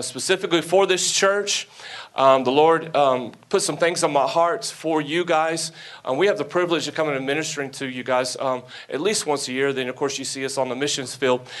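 A man's voice: fairly high pitch, fairly bright tone. Folksy Southern preacher man. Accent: Southern American. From American South. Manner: folksy, joking asides, rising to emphatic preaching. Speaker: guest pastor. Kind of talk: sermon. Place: church sanctuary before a congregation.

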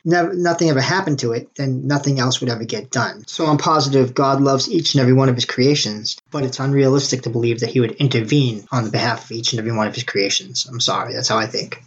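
Earnest everyman reading his own religious poems; husky, dull lo-fi sound. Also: mid-range voice. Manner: earnest, plainspoken, slows for readings. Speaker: amateur poet sharing his faith. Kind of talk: personal talk and poetry reading. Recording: dull lo-fi recording.

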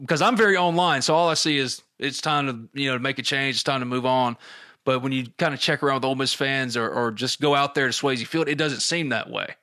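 A man's voice: on the high side, sharp tone. A middle-aged man hosting a podcast, chatting casually and reading listener questions aloud.

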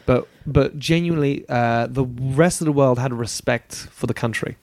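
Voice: mid-range voice, normal speed, no room sound. A British speaker who once had a London accent, chatting casually as a co-host and swearing freely. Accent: British, formerly London. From England. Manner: chatty, swears freely, animated voices for quoted people. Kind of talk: casual chat.

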